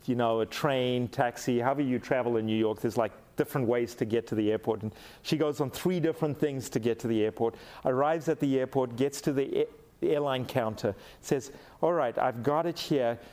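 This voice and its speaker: Middle-aged male pastor from Africa, animated storyteller, mid-range voice. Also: medium pitch, fairly quick. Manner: animated storyteller, acts out quoted lines. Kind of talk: sermon with storytelling.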